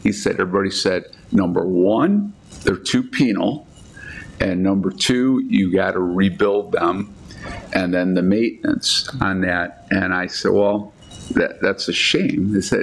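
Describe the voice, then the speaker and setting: A man, a golf course architect, telling lively anecdotes in casual chat, acting out the people he quotes. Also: deep voice, creaky, slight background noise. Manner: animated anecdotes with quoted voices, frequent restarts.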